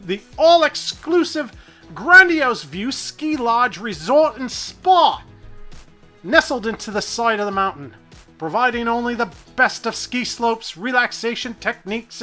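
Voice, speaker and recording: A man's voice: very high voice, very animated, sharp tone, faint music behind, pitched above the performer's own voice, exaggerated voice. A man putting on an impression of a pompous, British-sounding luxury-lifestyle TV announcer, stretching out the grand words. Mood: grandiose. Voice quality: grand, drawn-out showman delivery.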